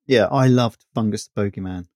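A man co-hosting a podcast, chatting in an easygoing way with quick reactions and light asides. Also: on the low side, darkish tone, no room sound, studio quality. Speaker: podcast co-host. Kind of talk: casual chat.

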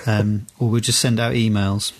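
Gravelly man, rambling chat. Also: on the low side, little pitch movement, normal speed, a little hiss or hum. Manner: rambling, lots of restarts and fillers. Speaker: podcast co-host. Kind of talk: casual chat.

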